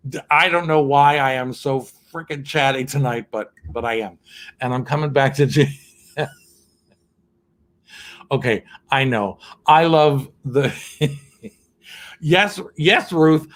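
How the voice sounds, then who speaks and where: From behind his piano, a man hosts an online cabaret show, bantering with viewers between songs in a campy, cheeky manner and laughing a lot. His voice is fairly high and fairly bright.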